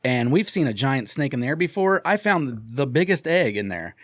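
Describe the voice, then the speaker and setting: A man co-hosting a crude comedy podcast, teasing and provocative, dropping low and quiet when he muses. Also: moderate pace, no room sound, clean studio sound. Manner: teasing, provocative, deadpan jokes. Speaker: podcast co-host. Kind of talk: crude casual chat.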